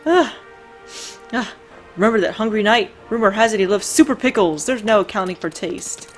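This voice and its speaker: Soft music plays behind a woman with an expressive, medium-pitched voice who speaks at normal speed while hosting a gameplay video. She chats casually, voices the game's character lines, and laughs frequently.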